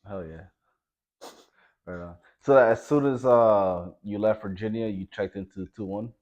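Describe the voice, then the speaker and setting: A man's voice: fairly low pitch, a little slow, darkish tone, highs cut off. A man hosting a casual interview, asking questions and chiming in with short, affirming remarks. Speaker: podcast host.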